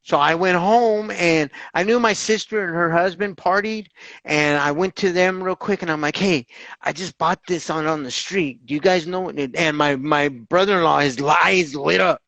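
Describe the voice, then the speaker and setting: A man telling his own recovery story in an interview, animated and candid, acting out the voices of others and swearing casually. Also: on the high side, moderate pace, gravelly, no room sound, poor audio. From Southern California.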